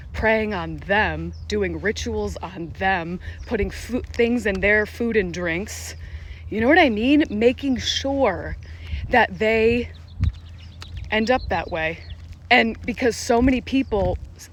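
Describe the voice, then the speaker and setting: A woman TikTok creator in a casual vlog monologue, talking fast and emphatically, swearing often and leaning on "literally" and "like.". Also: mid-range voice, slight background noise. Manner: fast, profane, emphatic, heavy use of "literally" and "like".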